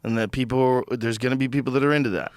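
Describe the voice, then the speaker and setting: A man's voice: mid-range voice, steady tone, quick pace, smooth, no room sound, clean studio sound. A man hosting a podcast in casual chat, musing bluntly with lots of "like" fillers. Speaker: podcast host.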